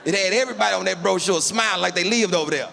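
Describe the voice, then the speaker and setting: A man does stand-up on a large theater stage in front of a live audience, spinning a long, animated story and voicing quotes as he acts out its characters. His high voice races along with vocal fry. The live hall adds reverb and faint room noise.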